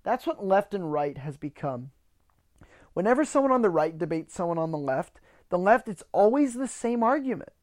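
A man's voice: sits high, sing-song, moderate pace, a little mellow. A man hosting a podcast, ranting in a casual monologue, swearing freely and often repeating words as he starts sentences. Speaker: podcast host.

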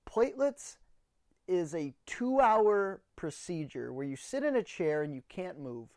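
A man's voice: high voice, very animated, a little slow, a little mellow, no echo, clean studio sound. Blunt sarcastic man hosting a podcast. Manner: blunt, sarcastic, rambling storyteller. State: a little out of breath. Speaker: podcast host. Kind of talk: solo comedic monologue.

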